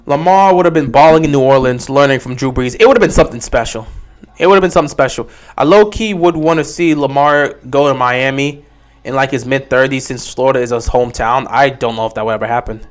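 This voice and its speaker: A young man casually commenting on a football game during a livestream, answering viewers' questions with animated talk. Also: mid-range voice, fast talker, faint music behind. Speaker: livestream host.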